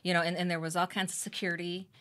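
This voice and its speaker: A woman's voice: on the low side, level tone, rapid-fire, fairly bright tone. A middle-aged woman, a band member's mother, chatting casually in an interview and finishing others' sentences.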